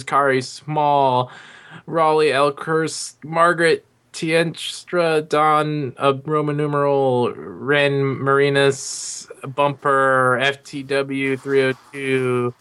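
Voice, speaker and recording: A man co-hosting a podcast, giving friendly shout-outs to listeners. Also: mid-range voice, clean tone. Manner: friendly, reading out names slowly. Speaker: podcast co-host. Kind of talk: casual podcast banter.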